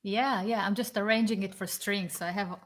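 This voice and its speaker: A woman musician guest giving short, soft-spoken answers in a casual chat over a video call. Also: medium pitch, steady tone, brisk.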